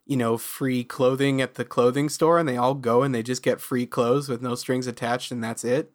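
A man's voice: mid-range voice, fairly even intonation, normal speed. A man co-hosting a podcast, musing aloud and chiming in during a casual chat about a cartoon. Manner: musing, chimes in with agreement. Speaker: podcast co-host.

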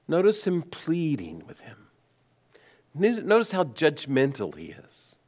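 A man preaching a sermon, asking rhetorical questions and letting his voice swing between high emphasis and low, quiet stress. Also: wildly swooping pitch, a little slow. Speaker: pastor.

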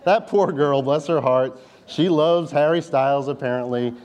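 A man's voice: mid-range voice, moderate pace, darkish tone, dull audio. A man preaching a sermon in a conversational style, with wry asides to the congregation. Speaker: pastor.

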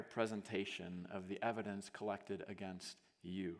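With a lowish voice, a steady tone, and a moderate pace, a man preaches as a pastor, telling the sermon as a vivid story. He acts out scenes, shifts between whispers and loud moments, and leans on casual "like" fillers, all under long hall reverb.

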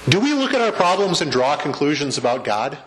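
Here the pastor's voice is a little high, a bit bright, and sing-song, moving slightly fast over some faint background noise. He preaches in a church sanctuary in a chatty, joking way, quizzing the congregation as he goes.

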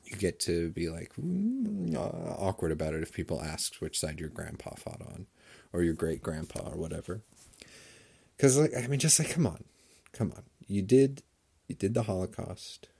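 A man's voice: deep voice, very animated, moderate pace, creaky, warm tone, breathy edge. A man delivering a rambling, sarcastic comedic rant full of digressions.

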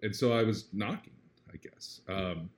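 A man with a low voice talks casually as an interview guest. He is earnest and reflective, tosses in "right?" often, and brightens up when telling a story. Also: unhurried. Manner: animated when retelling a story.

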